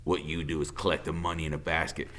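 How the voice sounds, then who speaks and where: A man voicing a cold, volatile convict father who drawls low and then barks loud threats. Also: level tone, fast, a little hiss or hum. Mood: menacing.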